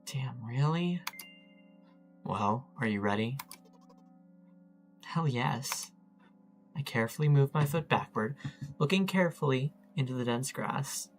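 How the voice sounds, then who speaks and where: Over soft background music, a man with a mid-range voice chats casually while playing a text adventure, animated yet a little slow and pausing often. In this let's-play commentary he reads the game's lines aloud and jokes about them at his own expense.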